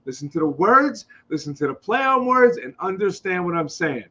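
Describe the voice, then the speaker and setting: A man with a notably high voice co-hosts a live talk show. He argues back and forth and coughs now and then from a seasonal cough. The sound is dull and lo-fi. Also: very animated, normal speed, sharp tone. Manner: coughing, argumentative. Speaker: co-host. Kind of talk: live podcast chat.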